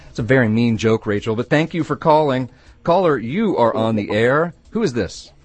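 A man's voice: medium pitch, moderate pace, no room sound, soft background music. A man hosting a late-night call-in radio show, joking with callers and laughing often. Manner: playful, laughs often, animated.

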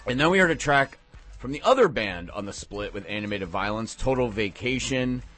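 A man hosting a late-night radio show, chatting casually and excitedly between songs, often rambling off on tangents. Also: medium pitch, moderate pace, faint music behind. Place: radio studio.

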